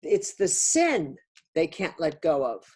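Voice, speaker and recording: Older woman, spiritual lecturer, insistent and repetitive, low husky voice. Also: very animated, slow, darkish tone. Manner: emphatic, insistent, repeats key words. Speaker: speaker on a webinar. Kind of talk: spiritual teaching talk.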